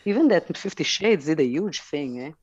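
A woman's voice: sits low, lively intonation, normal speed, darkish tone, no room sound, muffled recording. A woman on a talk show giving frank sex advice, laughing easily between points. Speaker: sex educator guest.

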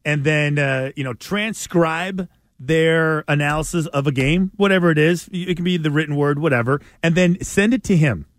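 A man co-hosting a radio sports show in casual banter, animated and emphatic, quick to complain. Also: fairly high pitch, no room sound, studio quality.

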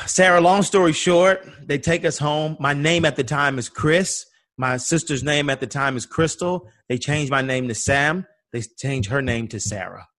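A man's voice: on the high side, a little slow, a bit bright, dry recording, clean studio sound. A man from Atlanta telling a personal story in conversation, acting out the voices of the people he quotes. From Atlanta, USA. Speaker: guest.

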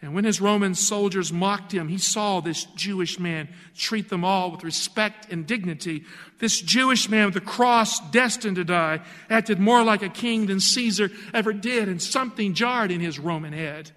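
Earnest preacher, high bright voice. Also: male voice, moderate pace, long reverb tail. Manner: earnest, emphatic preaching with rhetorical questions. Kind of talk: sermon.

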